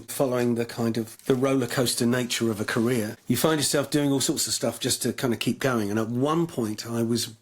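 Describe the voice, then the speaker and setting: Husky-voiced English man telling stories. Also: mid-range voice. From England. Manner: rambling storyteller with many restarts. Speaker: guest musician. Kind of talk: anecdotal interview chat.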